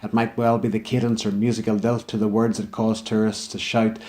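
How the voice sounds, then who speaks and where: Northern irish guy doing dry funny poetry, kinda low voice. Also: flat delivery, brisk, dark tone. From Northern Ireland. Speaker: spoken-word performer. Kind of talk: comic spoken-word poetry.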